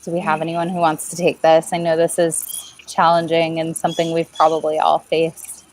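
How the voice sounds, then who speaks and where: A woman hosting a webinar over a video call, affirming answers and reading out audience questions in a measured way. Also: sits low, monotone, darkish tone, a little hiss or hum, rough recording. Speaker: webinar host. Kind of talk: moderating a webinar.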